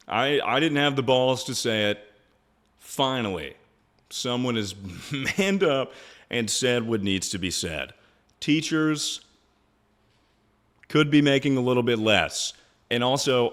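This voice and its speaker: A man's voice: mid-range voice, animated, takes it slowly, long pauses, a bit bright. A man streaming live, chatting loosely and jokingly, swearing often and calling everyone "dude". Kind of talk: casual livestream chat.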